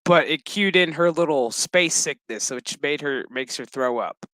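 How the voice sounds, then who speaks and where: A man riffs through a TV episode recap in a loose, foul-mouthed, joking way. His voice sits a little high for a man. The sound is close and dry, with no room echo. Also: a little slow. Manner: profane, joking, animated storytelling. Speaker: show recap host.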